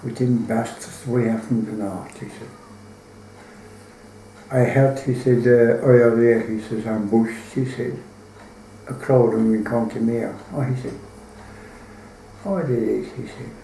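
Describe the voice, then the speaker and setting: A man's voice: medium pitch, steady tone, unhurried, creaky, long pauses, warm tone, echoey room, a little hiss or hum, rough recording. Irish man telling a rambling tale. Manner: rambling, colloquial, peppered with "he said" and swearing. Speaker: storyteller.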